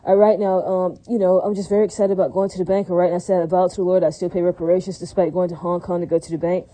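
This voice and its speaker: A woman's voice: fairly low pitch, little pitch movement, fast, warm tone, poor audio. A woman in a rambling casual monologue, preachy and full of religious phrases, often asking "does that make sense".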